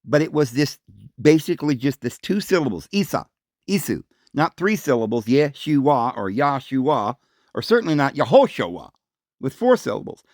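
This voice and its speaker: A man's voice: big pitch swings, normal speed, darkish tone, no echo, studio quality. A man hosting a solo religious talk, speaking emphatically and insistently and repeating his points. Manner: acts out voices calling out a name in raised pitch. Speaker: host.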